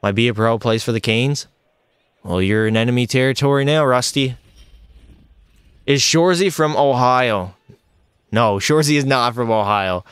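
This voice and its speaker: A young man streaming a hockey video game, giving excitable, frustrated play-by-play and talking to his chat. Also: medium pitch, normal speed, pauses often, clear, resonant tone, no echo. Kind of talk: live gameplay commentary.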